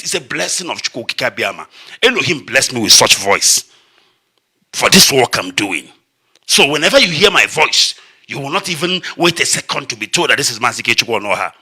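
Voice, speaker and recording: A male radio broadcaster with a Nigerian Igbo accent declaims a fervent monologue, hammering home his points through repetition. His mid-range voice sounds pushed and bright.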